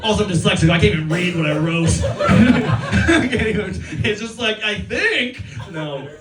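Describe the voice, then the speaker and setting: A man doing a raucous stand-up set, manic and swearing, shouting his punchlines. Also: sits high, moderate pace, far from the mic. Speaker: stand-up comedian. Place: live comedy venue with audience. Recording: echoey venue, mic heard from afar, crowd laughter.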